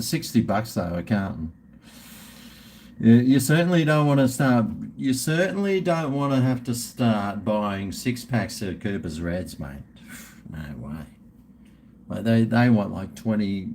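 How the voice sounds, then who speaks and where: A man's voice: fairly low pitch, a little mellow, slight background noise. A middle-aged Australian man hosting a live stream, rambling and swearing in casual banter with his viewers.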